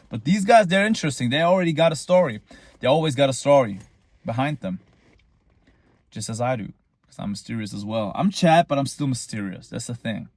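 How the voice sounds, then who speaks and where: A man's voice: mid-range voice, no room sound. A young man, rambling casually in a boastful, tongue-in-cheek monologue. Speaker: vlogger.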